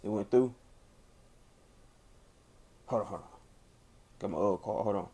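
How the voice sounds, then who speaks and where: A man with a lowish, warm voice and a breathy edge acts out a furious young man stomping away for bear spray. At a measured pace, he puts on a mock-fuming mood, punctuating it with exaggerated groans and sighs.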